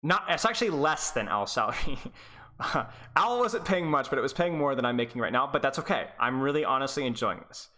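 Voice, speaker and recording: Bright-voiced man rambling on stream. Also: medium pitch, big pitch swings, brisk. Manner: rambling, stuttering, with frequent restarts. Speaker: esports coach and streamer. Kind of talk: casual live-stream chat.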